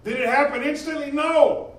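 High-pitched guy preaching fired up, far from the mic in a big echoey room. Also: steady tone, normal speed. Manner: impassioned, rising and falling in emphasis. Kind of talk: sermon.

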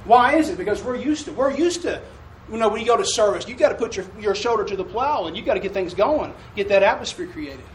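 Recorded from a distant mic in an echoey church sanctuary, a man delivers a folksy sermon with call-and-response. His high-pitched voice is expressive and quick-paced, and there's slight background noise.

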